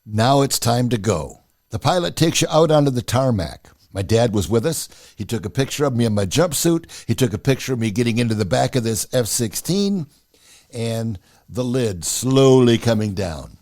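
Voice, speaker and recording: A podcast host with a medium-pitched voice, speaking at normal speed, casually tells a personal story. He's animated and acts out the dialogue as he goes.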